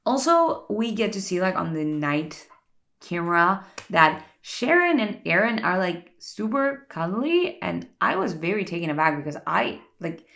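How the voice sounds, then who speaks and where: A woman vlogger chatting casually while getting ready, chatty and animated, with lots of "like" fillers. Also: lowish voice, unhurried, gravelly. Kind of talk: casual get-ready-with-me chat.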